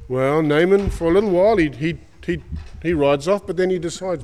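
Australian preacher, slangy storytelling. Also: male voice, fairly high pitch, fairly quick, darkish tone, in a large hall. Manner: colloquial storytelling, acting out characters. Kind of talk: sermon. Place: church.

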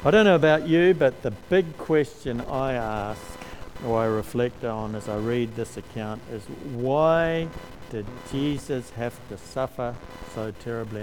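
A man preaching a sermon, slow and emphatic, lifting his voice to stress key words. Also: medium pitch, darkish tone, a little hiss or hum, rough recording.

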